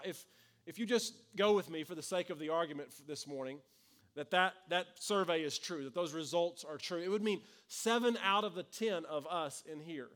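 A man's voice: a little high, a bit bright. A man, preaching a sermon in an earnest, conversational way with frequent restarts. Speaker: pastor.

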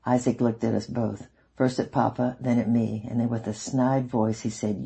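A man reading a novel aloud in the first person, in a measured way. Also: mid-range voice, level tone, vocal fry, husky. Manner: measured, warm sign-off. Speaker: audiobook reader.

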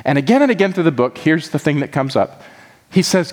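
A man's voice: fairly high pitch, very animated, a little fast, long reverb tail. A man who is a pastor, preaching a sermon with impassioned, repetitive emphasis that keeps building.

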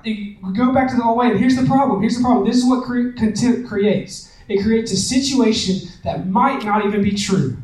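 A man's voice: very high-pitched, moderate pace, hardly any pauses, darkish tone. Man, church speaker, conversational sermon, repeats himself for emphasis, echoey room. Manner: conversational, repeats phrases for emphasis, laughs often. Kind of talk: sermon-style talk. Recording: echoey room, mic at a distance.

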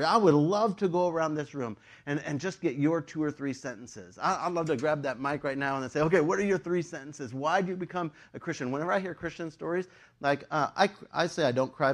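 Guy pastor giving a sermon, kinda high voice, chatty and animated, lots of likes and uhs. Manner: conversational, animated, lots of fillers.

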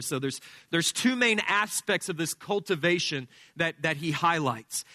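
A male pastor preaching an expository sermon, explaining scripture verse by verse in a deliberate teaching manner. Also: sits high, sharp tone, dry recording, studio quality.

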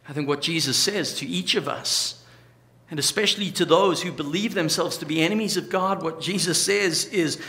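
Male pastor, sermon, high bright voice, emphatic, slows for stress, church hall with long reverb. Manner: emphatic, varied delivery with slow stressed phrases.

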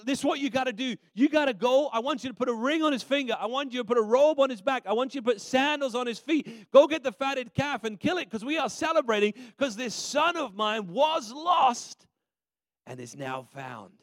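A man voicing an overjoyed, generous father who loudly orders a celebration for his returned son. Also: very high voice, animated, normal speed, no room sound, clean studio sound, pitched above the performer's own voice. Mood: jubilant. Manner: exclamatory, commanding.

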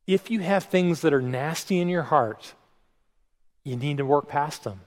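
A middle-aged man preaching a sermon in a relaxed, conversational way, self-deprecating and often restarting his phrases. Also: on the high side, unhurried, big-room sound. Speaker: pastor.

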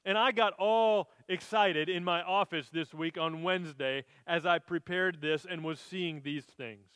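A man's voice: sits high, unhurried, fairly bright tone, smooth, no room sound. A man preaching a sermon, reading scripture aloud and explaining it in an earnest way. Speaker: pastor.

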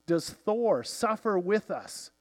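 Man voicing simple-hearted devout Viking, lilt, slightly high voice, earnest, soft trailing endings. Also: very animated, takes it slowly, exaggerated voice.

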